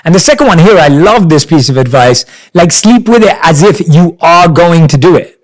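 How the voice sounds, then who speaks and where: A man hosting a podcast, with a voice a little higher than most men's. He responds with open enthusiasm and turns to address his listeners directly. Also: animated, moderate pace, poor audio. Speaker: podcast host. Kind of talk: interview chat.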